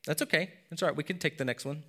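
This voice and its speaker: Talking very fast in a voice on the high side, a thirty-something pastor delivers a relaxed sermon to a congregation. He keeps asking "all right?" and "okay?", going quieter when the point turns serious.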